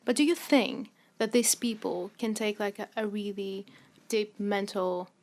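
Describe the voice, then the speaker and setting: A woman co-hosting a podcast, asking an interview guest questions in a soft, hesitant way. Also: mid-range voice, steady tone, unhurried.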